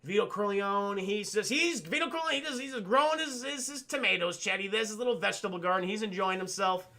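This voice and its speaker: High, bright-voiced man streaming. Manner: rambling, profane, animated retelling with quick asides to chat. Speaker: streamer reviewing a film with chat. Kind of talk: casual livestream chat.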